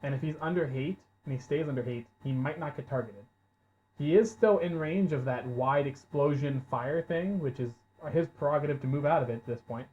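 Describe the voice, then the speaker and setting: Male game master, tabletop session, higher-pitched voice, excitable and sweary, muffled low-fi recording. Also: a little fast. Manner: excitable, swears when surprised. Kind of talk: running a tabletop game over voice chat. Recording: dull lo-fi audio.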